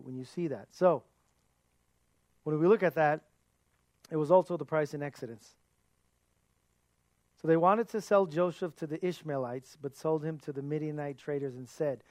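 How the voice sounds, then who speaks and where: A man's voice: fairly high pitch, moderate pace, a little mellow, dry recording. A man giving a sermon as a pastor, earnest, asking his listeners rhetorical questions.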